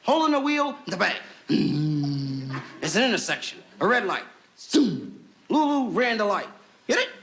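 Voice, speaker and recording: Lively high-voiced man telling a comedy story. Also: slow pace. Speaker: stand-up comedian. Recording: noisy old television recording.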